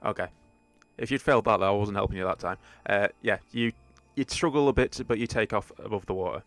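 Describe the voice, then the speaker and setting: Low gravelly guy running a tabletop game, laid-back, laughs a lot. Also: quick pace, a bit bright, faint music behind. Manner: laid-back, chuckling often. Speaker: game master.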